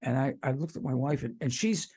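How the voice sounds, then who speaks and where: An older man hosting an interview show, telling rambling anecdotes in a casual chat with a husky voice. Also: mid-range voice, a little fast, a little mellow. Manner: rambling anecdotal storytelling with restarts. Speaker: radio talk show host.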